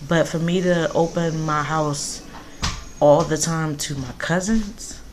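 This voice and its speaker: Young woman, low voice, candid casual storytime straight to camera at home. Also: fairly even intonation, slow, background noise. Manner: candid, chatty, occasional cursing. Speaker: vlogger. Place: home, indoors.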